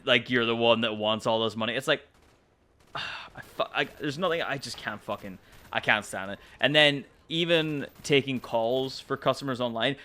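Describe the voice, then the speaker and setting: A young man with an Irish accent tells a customer-service story as a rant, his tone exasperated and full of swearing. His voice is bright and forward, and he keeps checking in with the listener through rhetorical questions. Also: medium pitch. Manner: exasperated, profane, rhetorical "right?". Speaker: commentary YouTuber. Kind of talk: ranting storytime commentary.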